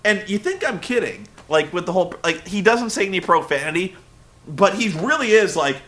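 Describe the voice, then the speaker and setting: Animated, bright-voiced ranting man. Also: high voice, brisk. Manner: animated, rambling, jumps into loud shouted impressions. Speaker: web show host. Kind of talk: casual wrestling recap rant.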